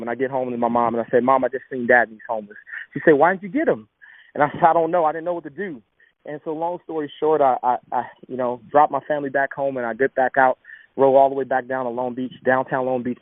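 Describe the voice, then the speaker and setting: A young man from Southern California earnestly tells a heartfelt personal testimony about hardship and faith. His voice is mid-range, with no echo, though the recording has a thin, phone-like quality.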